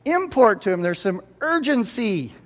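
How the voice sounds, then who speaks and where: A man's voice: high voice, sing-song, a little slow, a bit bright. An older man preaching a sermon in a church, talking conversationally and checking in with the congregation again and again. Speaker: pastor. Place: church sanctuary. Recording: church hall reverb.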